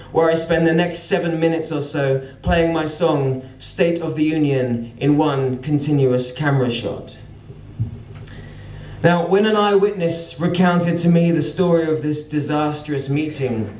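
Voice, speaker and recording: A man's voice: fairly high pitch, a little mellow, a little hiss or hum. A man telling a wry, sardonic story as spoken-word storytelling at a live venue. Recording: roomy venue, mic at a distance.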